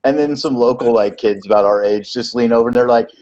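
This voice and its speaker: A man telling a relaxed story about touring during a casual podcast chat. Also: mid-range voice, quick pace, a crowd in the background. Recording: slightly muffled lo-fi audio.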